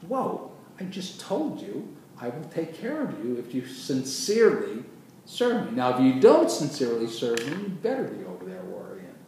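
A man preaching a sermon with emphatic delivery, swinging from quiet passages to loud bursts. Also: medium pitch, huge pitch swings, moderate pace. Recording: echoey hall from far off with noise.

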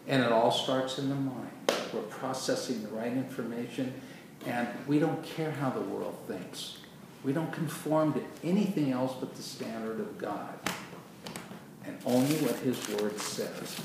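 A man preaching a sermon with emphatic delivery, swinging from quiet passages to loud bursts. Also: mid-range voice. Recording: echoey hall from far off with noise.

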